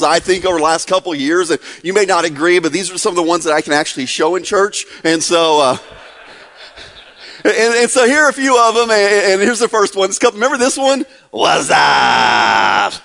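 Long church reverb fills this church hall recording as a man in his forties, a pastor, casually kicks off his sermon with cheerful chatter and questions for the congregation. His voice sits high with a fairly bright tone.

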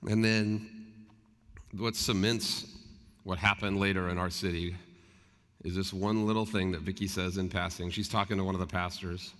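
A man's voice: low voice, steady tone, moderate pace, pauses often, a bit bright. A male pastor preaching a sermon, speaking earnestly and conversationally and asking his listeners rhetorical questions. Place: church sanctuary. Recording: long reverb of a large hall.

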